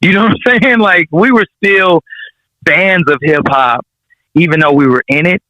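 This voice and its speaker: A man's voice: sits high, moderate pace, pushed and bright, dry recording. A man, a rapper guest telling stories in a casual interview, slangy and profane, chuckling as he goes. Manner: laid-back, slangy and profane, chuckling through anecdotes. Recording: dull, dry sound.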